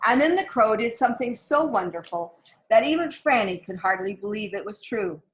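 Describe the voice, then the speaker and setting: Woman reading a picture book aloud, gentle and expressive. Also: mid-range voice, normal speed. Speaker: storybook reader. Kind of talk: storybook read-aloud.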